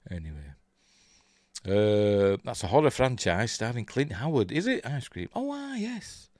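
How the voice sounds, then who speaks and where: An older Yorkshire-accented host from Yorkshire, England, rambles and chuckles through a casual live stream while reading viewer comments. His mid-range voice is unhurried and darkish in tone, with big pitch swings, recorded dry with clean studio sound.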